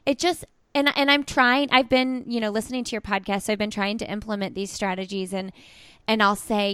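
A woman in her thirties hosting a podcast, talking openly and a bit haltingly. Her voice is smooth and crisp at a middle pitch. It is recorded close and dry. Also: steady tone, fairly bright tone, no room sound. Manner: candid, halting, restarts while telling a story. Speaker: podcast host. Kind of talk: casual chat.

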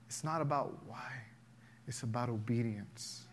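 A man preaching to his congregation in a high, ringing voice with a bright, forceful edge. He builds his points in rising waves and slips into acted-out prayers and questions from everyday life. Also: normal speed. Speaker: pastor. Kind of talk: sermon.

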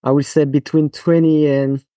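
A man from France with a French accent, a physiotherapist guest on a podcast interview, speaking haltingly with many fillers and restarts. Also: fairly high pitch, level tone, warm tone, no echo.

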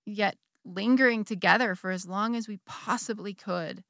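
A woman's voice: mid-range voice, moderate pace, fairly bright tone, no echo, studio quality, lightly acted. An actress playing a middle-aged churchgoing wife who confesses an affair to her bishop, wry and candid, with sudden bursts of feeling. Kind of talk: dramatic monologue.

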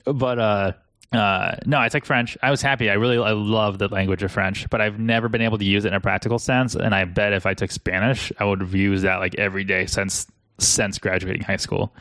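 A man's voice: on the low side, fairly even intonation, a little fast, fairly bright tone, no echo. An American man co-hosting a business podcast, chatting in a rambling, self-deprecating way and laughing often. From United States. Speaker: agency co-host. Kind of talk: casual podcast chat.

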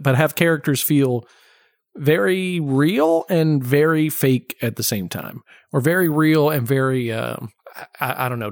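A man's voice: medium pitch, no room sound. Man, podcast co-host, wry quips, dry close sound. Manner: wry, quick jokes. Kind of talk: casual film discussion.

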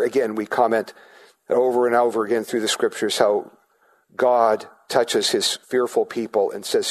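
A man's voice: mid-range voice, steady tone, normal speed. A man preaching a sermon as pastor, in a conversational way, asking the congregation questions and often restarting his sentences.

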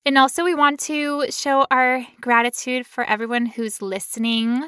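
Woman, podcast co-host, higher voice, bright and playful, casual banter. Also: fairly even intonation, moderate pace, clean tone, no echo, clean studio sound. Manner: playful, joking, laughs often.

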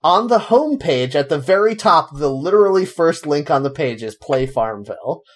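A man's voice: a little high, lively intonation, moderate pace. A man hosting a casual podcast, chatting with dry, sarcastic humor and laughing often. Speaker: podcast host.

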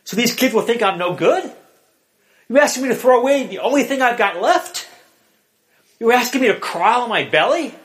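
A man's voice: extremely high pitch, animated, moderate pace, long pauses, fairly bright tone, voice pushed up. A man voicing a tough male gangster on death row as he retells a film, moving from defiant refusal to panicked pleading. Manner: pleading, panicked wailing when terrified.

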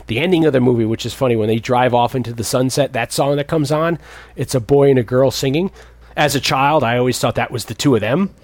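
A man in his thirties co-hosting a casual movie podcast, rambling and often jumping up in pitch to act out the characters. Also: quick pace, no room sound. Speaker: podcast co-host.

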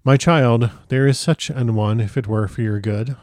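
A man voicing a fatherly old doctor who pleads slowly and solemnly in old-fashioned speech. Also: mid-range voice, fairly even intonation, a little mellow, no room sound, studio quality, natural voice. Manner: slow, solemn, archaic and imploring.

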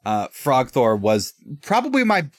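A man's voice: mid-range voice, wildly swooping pitch, unhurried. A man co-hosting a comics podcast, talking in a playful, reflective way in casual chat. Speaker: podcast co-host.

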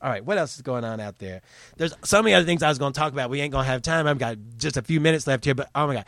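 Male host, profane, mocking, lively rants, dry booth sound. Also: mid-range voice, very fast, creaky, no room sound. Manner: animated, crude, mocking. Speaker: host of a commentary show. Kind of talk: casual profane news commentary.

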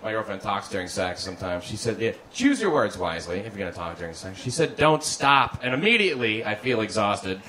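A man doing a stand-up routine in a comedy club, deadpan and halting, stammering over his restarts. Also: fairly low pitch, noisy background. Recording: live club recording with audience laughter. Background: audience laughter.

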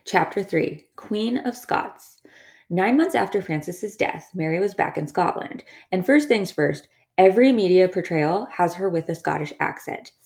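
A woman with a somewhat low voice narrates history in a relaxed scripted way. Her delivery leans wry, with sarcastic asides woven into the storytelling. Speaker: history podcast host.

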